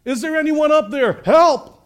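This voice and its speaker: A man voicing a panicked man hanging from a cliff branch, shouting and pleading for help. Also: high voice, big pitch swings, slow pace, heavily acted. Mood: frantic.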